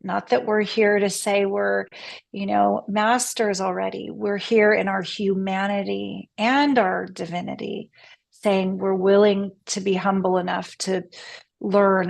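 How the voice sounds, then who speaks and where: A woman guest in a spiritual conversation, speaking gently and reflectively. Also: mid-range voice, level tone, measured pace, gravelly.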